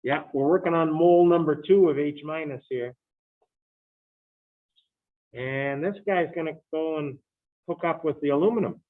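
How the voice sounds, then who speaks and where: A fairly high-voiced man teaching chemistry in a relaxed, chatty way and breaking into joking asides to his students. His recording sounds thin and tinny, like it came down a phone line. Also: moderate pace, pauses often. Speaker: chemistry lecturer. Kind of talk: recorded lecture. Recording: tinny phone-like lecture audio.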